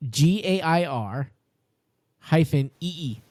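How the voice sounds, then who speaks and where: A man co-hosting a casual podcast chat, jokey and animated, tripping over his words when excited. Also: on the high side, slow pace, no room sound. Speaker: podcast co-host.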